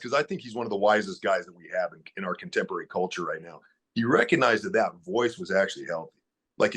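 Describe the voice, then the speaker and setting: A man's voice: lowish voice, fairly bright tone, slightly rough. A man speaking as a podcast guest in casual conversation, earnest and blunt, with casual swearing.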